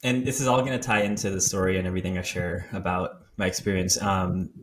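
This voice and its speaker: A man with a fairly low voice hosts a casual podcast chat. He asks gentle follow-up questions and answers with short, agreeable affirmations. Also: fairly even intonation, fast talker. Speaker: podcast host.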